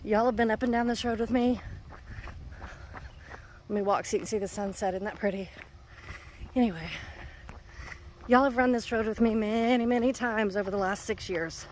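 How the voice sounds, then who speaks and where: Higher-pitched and a little mellow, this woman talks at normal speed with long pauses and slight background noise. She's casually vlogging into a handheld phone camera on a neighborhood road walk, somewhat out of breath.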